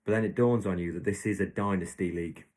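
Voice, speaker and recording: Talking fast in a low, slightly mellow voice, a podcast host runs a casual solo monologue. He rambles through invented examples, restarting often and correcting himself mid-thought.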